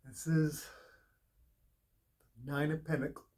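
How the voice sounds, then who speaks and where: A man giving a casual spiritual tarot reading, talking slowly with many pauses and fillers. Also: on the high side, little pitch movement, darkish tone. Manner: slow, unhurried, with pauses and fillers. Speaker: tarot reader.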